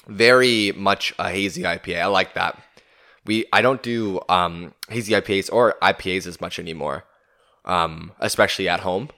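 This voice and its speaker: A man co-hosting a laid-back podcast, his voice sitting a little low. He talks loosely and conversationally, often stumbling and restarting mid-thought. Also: moderate pace, pushed and bright. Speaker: podcast co-host. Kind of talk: casual chat.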